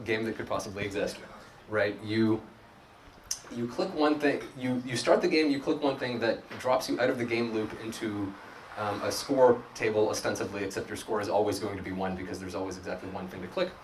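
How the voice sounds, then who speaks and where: Low-voiced man giving a chatty tech talk in an echoey room. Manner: self-deprecating, chatty and animated. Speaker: conference speaker. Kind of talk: live coding talk. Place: event room with audience. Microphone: room mic from a distance. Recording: echoey room, distant mic, background noise.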